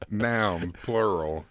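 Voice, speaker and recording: A man's voice: low-pitched, extremely slow, creaky, fairly bright tone, no echo. A man co-hosting a podcast, chatting casually and reading a silly word-game story aloud, laughing at his own readings. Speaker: podcast co-host.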